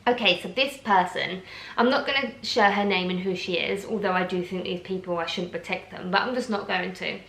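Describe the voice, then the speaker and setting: A woman's voice: lowish voice, brisk, vocal fry, fairly bright tone, echoey room, rough recording. A young woman from Essex with an Essex accent, ranting casually to camera in heated bursts. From England, Essex. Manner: heated, talks in bursts with restarts. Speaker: vlogger.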